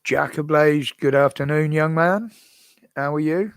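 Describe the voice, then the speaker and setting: A man's voice: on the high side, unhurried, smooth, no room sound. An older British man hosting a live stream from home, chatting casually with viewers in a rambling way, chuckling often. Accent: British English. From United Kingdom. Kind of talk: casual chat answering viewers. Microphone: desk microphone.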